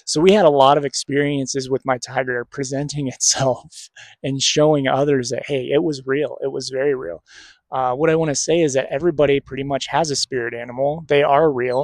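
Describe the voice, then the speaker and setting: A man's voice: medium pitch, little pitch movement, a little fast, dry recording. A man telling a personal story in a casual, rambling way, with fillers, restarts and small laughs. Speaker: spiritual reader.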